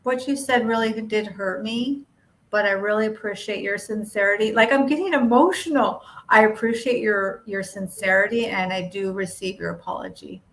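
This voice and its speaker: A woman's voice: medium pitch, steady tone, moderate pace, fairly bright tone, poor audio. A woman host with a mid-range voice answers in short, affirming replies. There is a faint hiss under her voice. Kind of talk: casual chat.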